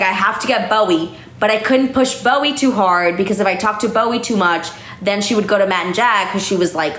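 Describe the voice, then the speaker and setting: A woman's voice: mid-range voice, fairly bright tone. Chatty young woman, tipsy, echoey room. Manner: chatty, lots of "like", swears freely. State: a little tipsy. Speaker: livestream host. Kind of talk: casual live-stream chat. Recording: echoey room, faint noise.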